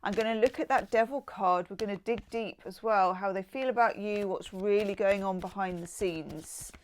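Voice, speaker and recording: A woman's voice: medium pitch, normal speed, slight background noise. A middle-aged woman chatting casually through a tarot card reading, with exclaimed asides. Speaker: tarot reader.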